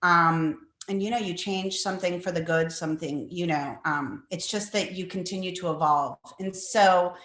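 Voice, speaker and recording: A woman's voice: lowish voice, bright, forceful tone, reverberant. A middle-aged woman, a cookbook author, answering interview questions in a rambling, chatty way full of fillers, over a video call.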